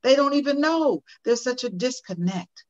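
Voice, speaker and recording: A woman's voice: sits high, expressive, moderate pace, a little mellow. An older woman speaking as a guest in an interview, earnest and emphatic, often repeating questions for effect. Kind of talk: conversational interview. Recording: dull lo-fi audio.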